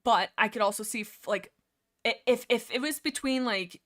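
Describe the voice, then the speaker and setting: A woman streamer rambling casually about a book series, animated and sarcastic, full of fillers and restarts. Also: a little high, moderate pace.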